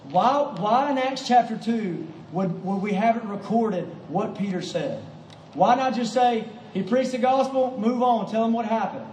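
A man's voice: sits high, a little mellow, slight background noise. Male pastor, emphatic sermon with rhetorical questions, roomy distant church sound. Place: church sanctuary.

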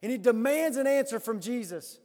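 A man preaching a sermon as a pastor, swinging between loud emphatic rises and quiet hushed lines. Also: very high-pitched, expressive, brisk, long reverb tail.

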